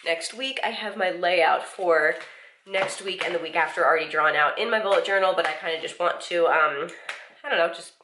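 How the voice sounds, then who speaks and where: A woman's voice: lowish voice, moderate pace, pushed and bright, echoey room, slight background noise. Chatty, slightly breathless woman vlogging at home. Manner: chatty, rambling, laughs often. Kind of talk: casual daily vlog chat. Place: home, indoors. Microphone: handheld vlogging camera.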